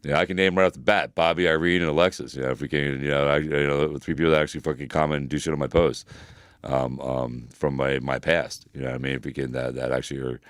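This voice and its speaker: A man co-hosting an advice podcast in casual chat, animated and profane, breaking into loud laughter. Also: extremely low pitch, fast, no room sound, studio quality. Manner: animated, bursts into loud laughter, swears a lot. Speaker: podcast co-host answering listener questions.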